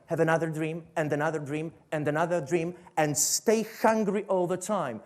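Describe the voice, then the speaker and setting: A man's voice: high voice, a little mellow. Emphatic Polish-accented male coach. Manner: emphatic, rhetorical questions and repetition. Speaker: motivational coach. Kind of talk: motivational stage talk. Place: stage before a seated audience.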